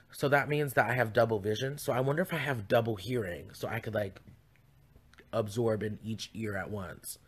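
A man's voice: medium pitch, breathy edge. A young man hosting his own podcast from home, talking in a campy, rambling, chatty way full of asides. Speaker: podcast host. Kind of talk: casual chat. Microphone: podcast mic.

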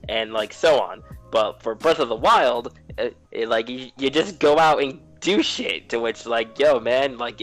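Dude rambling about games on a podcast call, tons of um and like, swears a lot, faint music behind. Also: male voice, medium pitch. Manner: rambling, heavy on fillers and swearing. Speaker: podcast co-host. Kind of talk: casual gaming chat.

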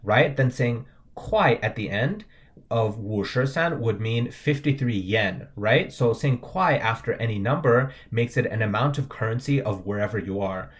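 A man's voice: medium pitch, normal speed. A young man giving a patient video lesson, spelling out words letter by letter and often checking in with the viewer. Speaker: language teacher.

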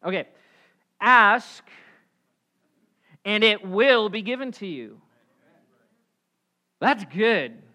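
Pastor guy preaching, bright ringing voice, gets loud then drops quiet. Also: high voice, expressive, extremely slow, pauses often. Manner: emphatic preaching, swinging between loud calls and quiet asides. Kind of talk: sermon.

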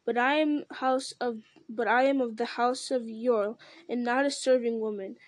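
A proud young noblewoman warrior presses her case with bitterness, voiced by a woman reading a story aloud. The voice is fairly high with little rise and fall. The recording is dry and close. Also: fairly even intonation, moderate pace, no room sound, close to an everyday voice. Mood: bitter.

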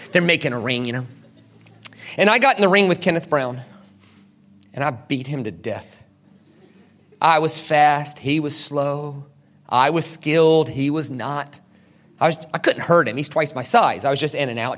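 A man preaching a sermon, telling a story with dramatic, animated delivery and shouted peaks. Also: fairly high pitch, normal speed, pauses often.

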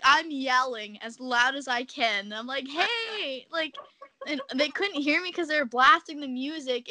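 A young woman, a podcast guest, telling a story in casual chat, animated and laughing often, acting out the quotes. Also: high-pitched, dry recording.

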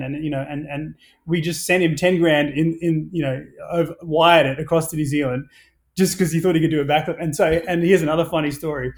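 Energetic man telling stories. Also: fairly high pitch. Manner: energetic storytelling, swears freely, many restarts. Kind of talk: casual podcast chat.

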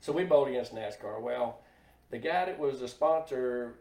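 A man's voice: medium pitch, normal speed, a little mellow. A man who worked on a race team, telling stories in a plain-spoken, laid-back way as a guest. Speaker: guest, former race team crew member. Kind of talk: casual storytelling chat. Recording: echoey room, mic at a distance.

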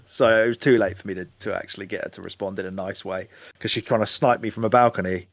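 A man's voice: fairly low pitch, fairly even intonation, fast talker, creaky, dry recording. A man chatting animatedly on a casual gaming podcast, rambling and swearing now and then. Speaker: podcast co-host.

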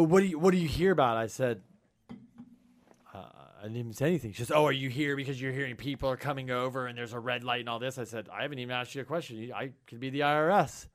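A man spins a lively anecdote in relaxed conversation, putting on little voices for each person in it. His pitch sits in the ordinary middle range for a man. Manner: animated storyteller, acts out both sides of dialogue. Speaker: co-host telling a property management story. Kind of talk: casual storytelling chat.

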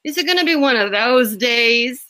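A woman's voice: fairly high pitch, lively intonation, normal speed, sharp tone, voice pushed up. A woman voicing a sleepy young man who grumbles drowsily. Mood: grumpy.

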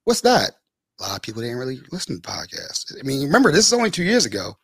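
A man, a podcast host telling stories as a guest, lively and acting out the people he quotes. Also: fast, husky, dry recording, studio quality. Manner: animated, acts out quoted people with big pitch jumps. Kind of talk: casual storytelling in an interview.

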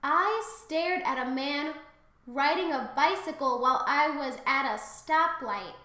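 Excitable, sweary female podcast co-host; high, very bright voice, echoey home room. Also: unhurried. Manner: swearing, excitable, acts out quotes loudly. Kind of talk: casual chat.

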